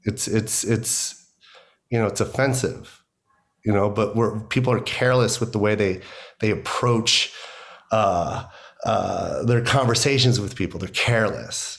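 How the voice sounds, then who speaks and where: Animated middle-aged man, emphatic. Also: fairly low pitch, measured pace. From United States. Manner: animated, emphatic, repeats "you know". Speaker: guest comedian. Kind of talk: conversational interview.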